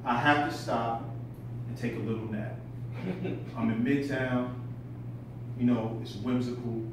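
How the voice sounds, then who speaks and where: A man's voice: medium pitch, fairly even intonation, a little slow. A man telling a story in a stand-up comedy set, laughing at his own tale and swearing freely. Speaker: stand-up comic. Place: comedy club stage. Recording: echoey room, distant mic, background noise.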